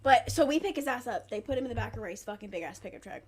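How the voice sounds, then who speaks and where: A woman's voice: on the high side, animated, rapid-fire, a little mellow, slight background noise. A woman in her twenties, a podcast host, telling a rowdy story with lots of swearing. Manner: profane, rowdy, laughing. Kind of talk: loud casual storytelling.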